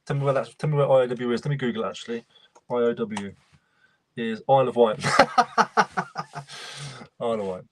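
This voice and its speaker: A man's voice: medium pitch, fairly even intonation, a little fast, long pauses, a little mellow, a little hiss or hum. A young man, casually chatting and greeting viewers by name while he works on a livestream. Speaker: reseller livestream host.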